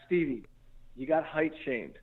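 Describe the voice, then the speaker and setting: Man, talk show host, casual rambling stories, slightly high voice, tinny phone-like audio. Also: animated, unhurried, breathy edge. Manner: rambling storyteller giving shout-outs. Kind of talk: casual chat.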